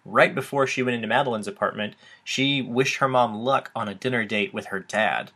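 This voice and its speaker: A man's voice: mid-range voice, a little fast, pushed and bright. A young man co-hosting a podcast, chatting casually in a loose way with lots of filler words and the odd swear. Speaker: podcast co-host. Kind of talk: casual recap chat.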